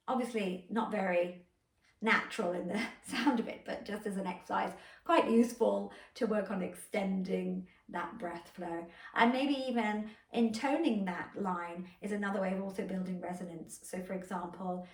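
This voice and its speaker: A woman voice coach talks listeners through a vocal warm-up in a calm, encouraging way. Her voice sits at an ordinary pitch for a woman. It comes from a little away from the mic in a room with a lot of echo. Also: moderate pace, far from the mic. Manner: calm, encouraging instruction with spoken demonstrations. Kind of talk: guided vocal warm-up lesson. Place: indoor room. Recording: echoey room, voice a bit off-mic.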